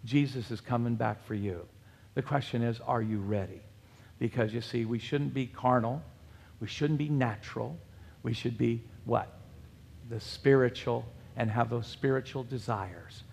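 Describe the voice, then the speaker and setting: Brief: male pastor, gravelly voice, sermon delivery with rhetorical questions, long church reverb. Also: mid-range voice, measured pace, darkish tone. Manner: preaching with rhetorical questions and scripture references.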